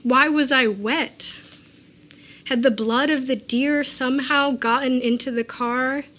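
A woman reading aloud from her own personal essay in a measured, deliberate way, with dry offhand asides. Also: high voice, fairly even intonation, a bit bright.

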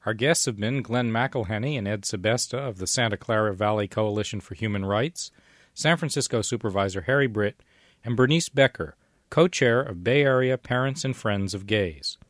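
A man hosting a radio talk show, asking questions and reading a brisk sign-off. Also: fairly low pitch, no echo, studio quality. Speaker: radio host and producer.

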